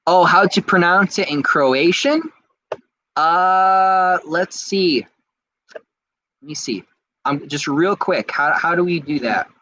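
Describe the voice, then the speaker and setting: A man hosting a podcast, reading out viewer comments in casual chat and answering them in an excitable, rambling way. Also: high voice, slow pace, pauses often, no room sound, rough recording. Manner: excitable and rambling, with frequent restarts. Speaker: podcast host.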